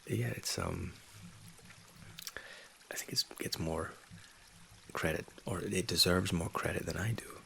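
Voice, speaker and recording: Man, 30s, from England and raised in Scotland, soft-spoken ASMR host, very deep, heavy vocal fry, hushed and half-whispered, close condenser mic. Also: measured pace, long pauses. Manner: soft and low-key, slipping into whispers. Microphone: USB condenser mic.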